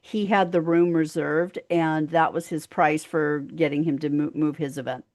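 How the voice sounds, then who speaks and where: A woman's voice: low voice, steady tone, moderate pace, darkish tone. A woman co-hosting a podcast, chatting casually and finishing her co-host's sentences. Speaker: podcast co-host.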